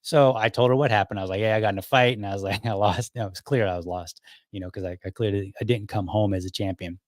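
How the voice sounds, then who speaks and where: A middle-aged podcast host from Ohio, in the United States, tells stories about his childhood in a casual, rambling monologue. His voice is lowish and steady, and he talks fast, correcting himself as he goes and acting out quotes. There's no echo.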